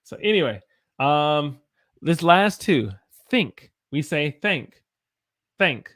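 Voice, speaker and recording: During a live stream, a man from the Southern United States with a Southern American accent teaches English pronunciation, slowly drawing out each example word. His voice is fairly high, expressive and fairly bright.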